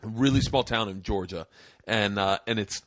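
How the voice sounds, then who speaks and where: A man's voice: fairly low pitch, normal speed, no echo, clean studio sound. A man in his forties hosting a podcast, telling profane stories in casual chat. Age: 40s. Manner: animated, profane storyteller. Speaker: podcast host.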